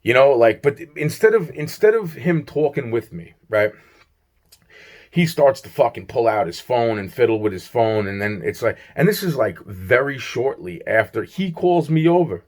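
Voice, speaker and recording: A man's voice: mid-range voice, animated, moderate pace, a little mellow. A man recounting a strange encounter in a rambling, profane way, acting out both sides of the dialogue and repeating himself often. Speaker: vlogger. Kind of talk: rambling personal storytime.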